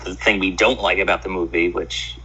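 A man co-hosting a casual chat, telling joking, animated stories over lo-fi remote audio. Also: sits low, a little fast, slightly rough. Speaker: podcast co-host.

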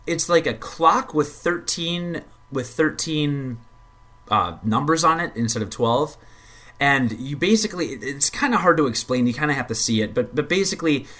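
A man's voice: on the high side, expressive, moderate pace, fairly bright tone. Rambling man reviewing a game. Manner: rambling, frequent restarts, blunt. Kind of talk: casual spoken game review.

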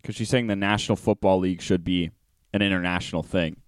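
A man's voice: sits low, steady tone, fast talker, clean tone, no echo. A man co-hosting a podcast in casual, crude, joking banter. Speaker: podcast co-host. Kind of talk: casual chat.

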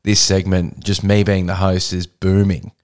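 A man's voice: deep voice, little pitch movement, measured pace, clean tone. A man co-hosting a podcast, teasing his co-host in casual banter and laughing often.

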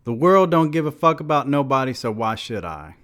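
A man's voice: medium pitch, very animated, brisk, fairly bright tone, pitched above the performer's own voice. A man voicing an angry, troubled nineteen-year-old who bluntly tells a violent dream in street dialect. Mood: defiant.

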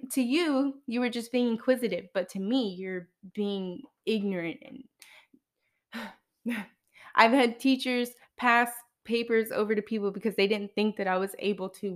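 A woman's voice: a little high, steady tone, measured pace. A woman in her twenties talking frankly on her podcast in a casual monologue, with wry asides. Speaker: podcast host.

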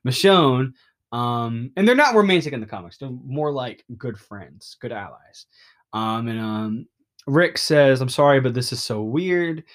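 A young adult man hosting a podcast, recapping a comic in a rambling, excitable and openly emotional way, full of fillers and restarts. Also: medium pitch. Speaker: podcast host.

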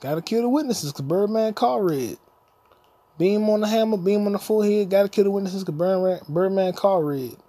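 A man's voice: sits high, brisk, dark tone. A man hosting a podcast, rambling through a comedic monologue and breaking into improvised scat singing. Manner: freewheeling, jumps between talk and scatted singing. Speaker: podcast host.

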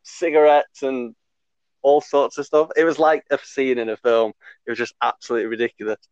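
A man's voice: medium pitch, steady tone, brisk, darkish tone, clear, resonant tone, no echo. Young guy rambling through a funny travel story, swears a lot, dry slightly dull mic. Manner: rambling, laughing, lots of fillers and swearing. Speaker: podcast co-host. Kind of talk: casual storytelling chat.

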